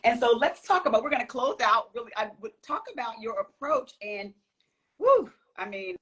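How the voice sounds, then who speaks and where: A woman hosting a casual book interview, playful and teasing, giving soft "mm-hmm" replies as she listens. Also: on the high side, lively intonation, moderate pace. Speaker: podcast host and interviewer.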